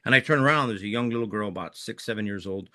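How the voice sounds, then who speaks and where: A middle-aged man from southern New Mexico speaks as an interview guest, his low voice bright and forceful in a dry, close setting. He tells personal stories candidly, stumbling and restarting as his emotion builds. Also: quick pace, no echo. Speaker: guest, Green Beret veteran. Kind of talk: conversational storytelling interview.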